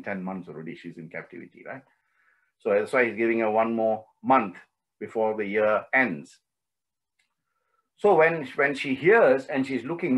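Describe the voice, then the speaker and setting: A man's voice: medium pitch, fairly bright tone, poor audio. A man teaching a devotional scripture lesson, telling the story conversationally and often asking his listeners questions. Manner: conversational, frequent questions to the audience. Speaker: spiritual study teacher.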